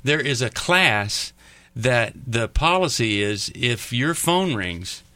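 A man hosts a call-in radio show, telling stories in a loose, chatty way full of "uh" and "you know." His voice is bright and pushy, and the studio sound is dry and close. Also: mid-range voice, lively intonation, slow, no echo. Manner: chatty, storytelling with many fillers. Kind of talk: casual radio talk show chat. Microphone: studio microphone.

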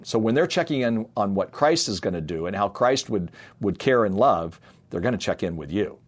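With a lowish, expressive voice at normal speed, this middle-aged man works in youth and family ministry. His earnest, sermon-like talk is built around personal stories, and he performs the quoted voices as he tells them.

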